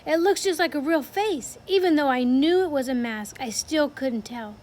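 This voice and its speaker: A woman playing a doting old grandma, emphatic and warm-hearted, storybook reading. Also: sits high, moderate pace, close to an everyday voice. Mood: grave. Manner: fond, emphatic.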